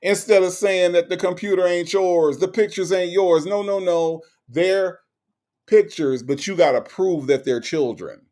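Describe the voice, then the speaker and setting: A man's voice: high voice, a little slow, dark tone. A man hosting a live stream, reacting to a case and reading viewer comments in a blunt, mocking, repetitive way.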